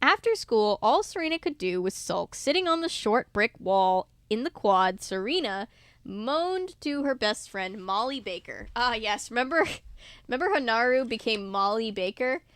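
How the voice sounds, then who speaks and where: A woman's voice: a little high, moderate pace, clear, resonant tone, no room sound. A woman reading a manga adaptation aloud in a casual, playful way, adding her own asides and laughing between passages. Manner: playful, laughs between lines, animated quoted voices.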